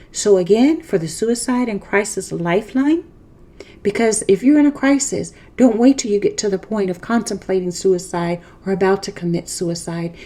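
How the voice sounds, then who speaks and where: A woman's voice: medium pitch, warm tone. A woman hosting an inspirational faith podcast, speaking earnestly and emphatically straight to her listeners, repeating and rephrasing her points. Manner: speaks directly to listeners, encouraging. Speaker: podcast host.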